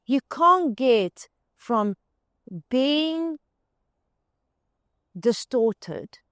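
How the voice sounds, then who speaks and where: A woman's voice: fairly high pitch, no echo, clean studio sound. A woman hosting a motivational spiritual talk, speaking straight to the listener and repeating words in long emphatic strings. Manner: addresses the listener directly as "you". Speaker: host.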